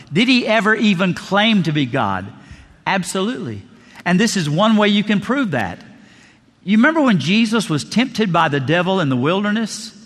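A male pastor preaching a sermon, dramatic, slowing and dropping low on key words. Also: a bit bright. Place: church sanctuary. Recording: long reverb of a large hall.

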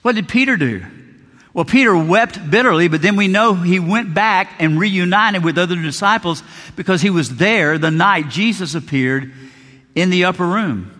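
A man's voice: sits high, normal speed, a bit bright. Earnest preaching man in a reverberant church. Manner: earnest storytelling, acts out biblical quotes. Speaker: pastor. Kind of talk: sermon.

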